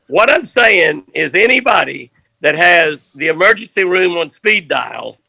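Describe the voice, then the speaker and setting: An older man, telling a rambling fishing story in a folksy, animated way. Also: high voice, measured pace, creaky, dry recording. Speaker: fishing guest.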